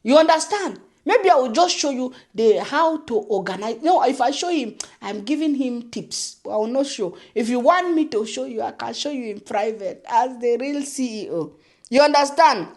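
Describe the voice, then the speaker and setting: A woman's voice: a little high, expressive, moderate pace, darkish tone. A young woman vlogger ranting sarcastically, scolding and laughing often as she reacts. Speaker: YouTube commentary vlogger. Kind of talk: mocking reaction rant.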